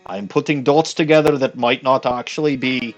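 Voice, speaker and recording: A man's voice: medium pitch, steady tone, moderate pace, soft background music. A man playing through a game, reading the dialogue aloud in a goofy put-on Scottish accent and commenting on the story. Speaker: let's play streamer.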